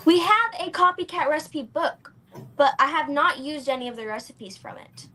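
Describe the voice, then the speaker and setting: A woman's voice: high voice, lively intonation, moderate pace, sharp tone. A young woman, a guest cook, chatting casually, laughing often and trailing off unsure. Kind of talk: casual chat. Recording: faint background noise.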